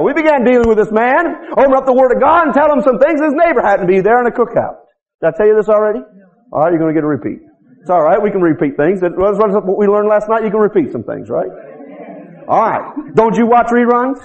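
A man's voice: sits high, lively intonation, fast, dull audio. A man preaching a sermon as pastor in a folksy, repetitive way, often calling out to the congregation for an answer.

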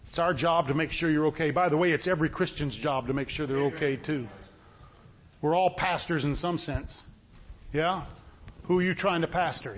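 A man preaching a sermon as pastor, impassioned and rising to loud bursts. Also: on the high side.

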